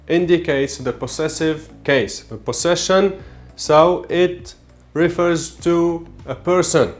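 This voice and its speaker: A man with an Algerian accent, an English teacher slowly walking through an exam, repeating key words as he explains. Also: mid-range voice. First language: Arabic. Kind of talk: exam walkthrough lesson.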